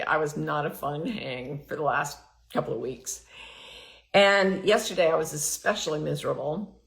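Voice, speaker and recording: A woman's voice: lowish voice, gravelly, fairly bright tone, echoey room. A middle-aged woman hosting her podcast, telling a candid personal story and acting out her inner dialogue with big swings in her voice. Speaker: podcast host.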